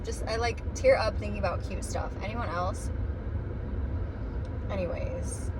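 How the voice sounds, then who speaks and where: A woman's voice: medium pitch, unhurried, long pauses, far from the mic. A young woman vlogging while she drives, chatting casually in a rambling way, full of fillers and swearing freely. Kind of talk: casual chat. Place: in a car while driving. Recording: dull lo-fi sound with loud road noise. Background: car and traffic noise.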